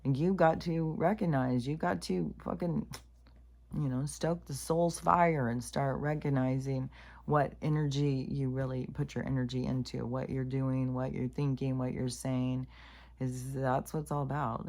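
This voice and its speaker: Speaking in a bass voice that's a little mellow, this woman is a spiritual vlogger delivering a casual monologue to camera. She rambles, swears, and talks bluntly, even describing herself as raunchy.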